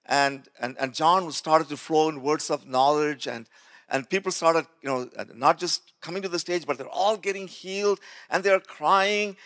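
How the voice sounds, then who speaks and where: A man's voice: a little high, moderate pace, fairly bright tone. A male pastor telling a personal testimony in a sermon, acting out what others said and often restarting his words. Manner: storytelling, acting out quoted voices with laughs.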